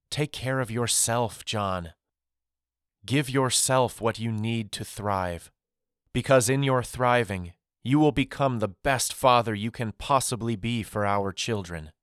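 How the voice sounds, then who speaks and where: A man voicing a gentle, grieving mother saying a tender farewell in an audiobook, speaking softly and with measured calm. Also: mid-range voice, no echo, clean studio sound. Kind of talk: audiobook character voice.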